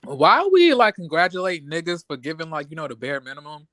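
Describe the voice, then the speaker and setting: Guy ranting blunt and profane about a tv reunion, voice kinda high, dry close mic. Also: huge pitch swings, fast, fairly bright tone, no echo. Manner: blunt, profane, acts out scenes. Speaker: co-host. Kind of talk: casual reality TV recap chat.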